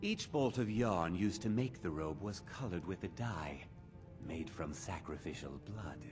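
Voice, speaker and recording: Deep-voiced zealous museum curator, earnest tour-guide lecturing, game music behind. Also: male voice, animated, unhurried. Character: zealous male museum curator of cult relics. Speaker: game character.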